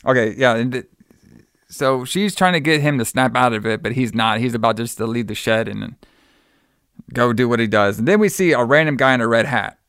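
A man in casual conversation, recapping a film in a rambling way, peppered with "like" and swearing. His voice sits at an ordinary pitch, and the sound is dry, close and free of room echo. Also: a little fast, a bit bright, clean tone. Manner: rambling, profane, many "like" fillers, acts out quotes. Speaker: podcast co-host recapping a movie. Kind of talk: casual chat.

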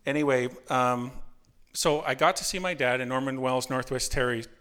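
Bright-voiced man telling a rambling story. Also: medium pitch, normal speed, smooth. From Canada. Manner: rambling, with many restarts and 'you know'. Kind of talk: personal storytelling.

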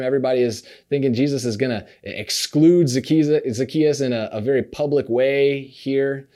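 A man preaching a sermon, retelling a story in a relaxed conversational way, often repeating and restarting his words. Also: mid-range voice, moderate pace. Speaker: pastor.

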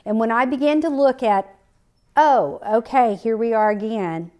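A woman's voice: fairly high pitch, measured pace, warm tone. Earnest woman sharing a faith story. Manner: earnest, personal storytelling with scripture quotes. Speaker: podcast host. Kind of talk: faith-based podcast talk.

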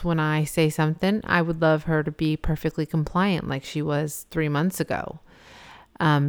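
A woman in her thirties co-hosting a casual faith discussion, speaking in a reflective, measured way. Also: low-pitched, clear, resonant tone. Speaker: podcast co-host.

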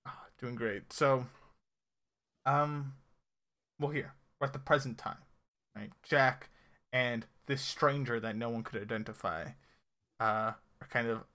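A man's voice: medium pitch, steady tone, measured pace, pauses often, bright, forceful tone. A man casually recapping a TV episode on a podcast, rambling and correcting himself as he goes. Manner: rambling, self-correcting, laughs often. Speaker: podcast co-host.

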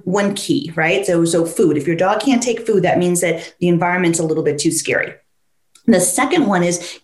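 A woman and dog trainer talking casually, lively, who keeps acting out what a dog or its owner would say. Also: medium pitch. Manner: animated, acts out dog and owner voices. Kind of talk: conversational podcast talk.

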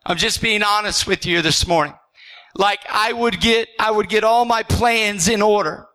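A man's voice: high-pitched, pushed and bright, rough recording. A man preaching a sermon as a pastor, earnest and conversational, firing off repeated questions, checking in with "okay?" and often stumbling into restarts. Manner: frequent stammered restarts.

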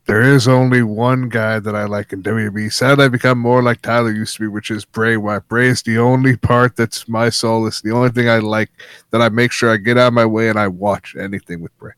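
A male co-host explains his points earnestly in casual wrestling talk. His voice sits lowish and barely moves in pitch, with a steady, level delivery. The recording is close and dry. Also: fairly quick, smooth, no echo. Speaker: podcast co-host.

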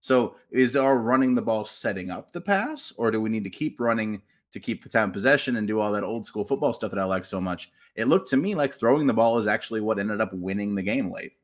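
A man's voice: on the low side, expressive, a little fast, few pauses. A man co-hosting a casual sports podcast, thoughtful and pushing back with questions. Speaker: podcast co-host.

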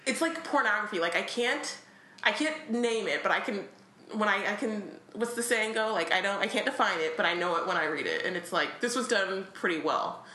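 Bright-voiced chatty woman, echoey room. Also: mid-range voice, expressive, brisk. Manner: chatty, laughs often, many fillers. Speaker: podcast co-host. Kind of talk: casual book chat.

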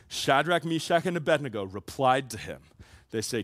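A man preaching a sermon to high schoolers as a youth pastor, talking casually and conversationally with frequent asides. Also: animated, a little fast, a bit bright, no room sound.

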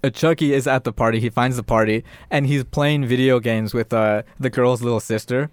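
A man's voice: medium pitch, fairly even intonation, a little fast, smooth, dry recording, clean studio sound. A young man casually retelling a show, rambling with lots of fillers.

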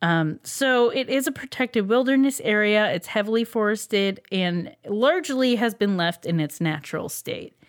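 A woman with a mid-range, everyday voice co-hosts a casual chat show. She walks through facts from her notes, filling pauses with um and uh and breaking into laughter easily. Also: mid-range voice, lively intonation. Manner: reads out facts with many ums and uhs, laughs easily. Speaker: podcast co-host presenting a researched topic.

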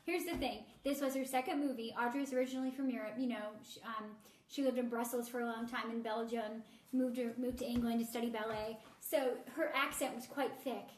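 Woman co-host, high pitch, animated film chat in an echoey room. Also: fairly quick, slight background noise. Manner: animated, acts out movie lines in quoted voices. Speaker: podcast co-host. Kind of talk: casual film discussion. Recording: roomy echo.

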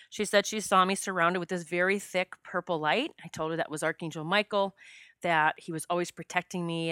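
Woman podcaster, smooth voice, lowish pitch, dry close sound, heartfelt storytelling. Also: sharp tone, dry recording. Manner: emotional, gets choked up. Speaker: podcast host. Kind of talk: personal storytelling.

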